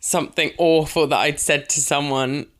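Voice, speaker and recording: A woman's voice: low voice, steady tone, normal speed. Chatty, laughing British woman comedian. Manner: laughs often, chatty and self-deprecating. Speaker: comedian guest. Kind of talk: casual podcast chat.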